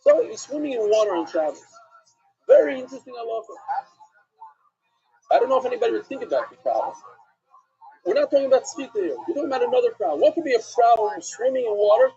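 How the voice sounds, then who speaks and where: A rabbi leads a live-streamed Talmud class, a man putting questions to his listeners and answering them himself. His voice is high and mellow, with a swooping, animated delivery. The sound is husky and comes through dull, lo-fi stream audio. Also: quick pace, long pauses.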